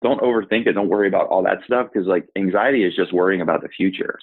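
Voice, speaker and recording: A man gives emphatic, repetitive pep talk on a group video call. His voice is husky. The sound is squeezed thin like an old phone line. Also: deep voice, fast talker. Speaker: interview guest, startup sales coach.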